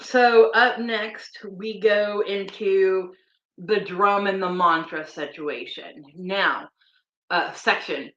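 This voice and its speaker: A woman guiding a grief meditation livestream, repeating affirmations slowly with fillers and restarts, close to tears. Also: mid-range voice, a bit bright, echoey room, dull audio. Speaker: energy healing guide. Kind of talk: guided tapping meditation livestream.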